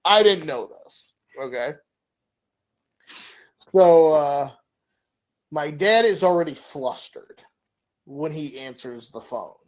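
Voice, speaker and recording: A man's voice: fairly high pitch, slow, pauses often. A middle-aged man co-hosting a casual podcast chat, asking questions and telling stories with acted-out voices. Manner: animated storyteller, acts out voices.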